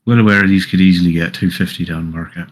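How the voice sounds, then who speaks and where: A man's voice: sits low, steady tone, quick pace. A man voicing a male halfling adventurer, bargaining in a chummy, folksy way.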